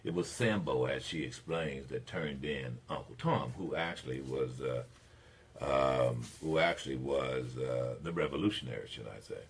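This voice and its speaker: An older man from Mississippi hosts a talk radio show, his gravelly, husky voice moving at a moderate pace. His monologue is emphatic and preachy, swinging between low asides and loud declarations.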